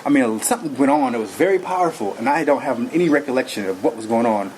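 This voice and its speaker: A man's voice: medium pitch, lively intonation, fast talker, a little mellow, poor audio. Guy telling his life story, earnest and rambly, lots of um and you know, faint hiss behind. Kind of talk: personal testimony.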